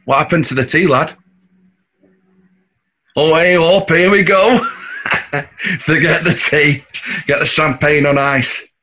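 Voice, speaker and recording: A man's voice: on the high side, takes it slowly, pauses often, sharp tone, a little hiss or hum. An actor with a Mancunian accent playing a scheming, boastful working-class husband and father, cocky and coarse. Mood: gleeful. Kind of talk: audio drama acting.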